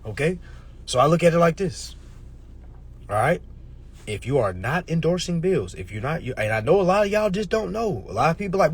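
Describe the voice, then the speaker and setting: Husky, animated man ranting to camera. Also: a little high, a little fast. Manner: preachy, profane, keeps tagging "all right? okay?"; dramatic swings between murmurs and shouts. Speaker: social media commentator. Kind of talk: casual ranting monologue.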